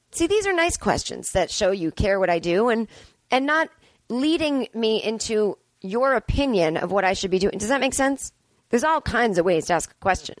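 A woman's voice: on the high side, animated, normal speed, dry recording. Sarcastic, swearing woman comedian ranting. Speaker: comedian and podcast host. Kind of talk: casual solo monologue. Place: at home.

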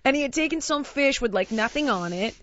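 An American woman telling a lively, laughing anecdote in casual chat. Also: high-pitched, a little fast, muffled recording, background noise. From United States.

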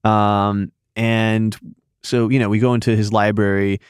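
Smooth-voiced man telling a rambling story. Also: fairly low pitch, flat delivery, measured pace, dry recording, clean studio sound. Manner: rambling, lots of fillers and restarts. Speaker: magazine editor telling a story as a guest. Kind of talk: casual storytelling chat.

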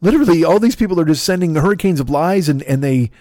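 A man's voice: fairly high pitch, lively intonation, fast, warm tone, no room sound, studio quality. A man hosting a comedy podcast, rambling and swearing in a self-deprecating monologue. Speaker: podcast host.

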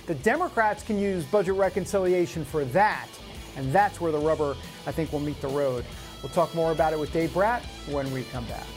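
A man's voice: on the high side, brisk, over music. A man hosting a talk show, giving casual political commentary in a rambling way. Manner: rambling, with many restarts and fillers.

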